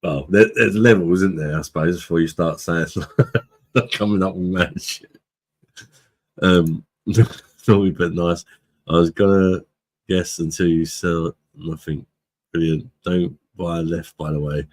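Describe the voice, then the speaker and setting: A man with a low voice and a British accent talks loosely to his live chat. He is relaxed and chatty, laughs a lot and drops casual swears. His delivery stays easygoing and unscripted. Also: a little slow, long pauses. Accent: British English. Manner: laid-back, chatty, laughs often, swears freely. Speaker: livestream host, beer reviewer.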